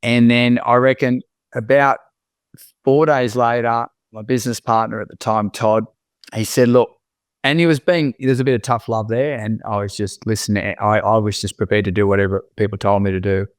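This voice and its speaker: A low-pitched Australian man talks through his story in a reflective, halting way, often restarting his sentences. His voice is smooth and clean, and the sound is close and dry with no room echo. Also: steady tone. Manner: reflective, halting, with many restarts and "you know"s. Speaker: guest. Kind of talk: candid personal storytelling.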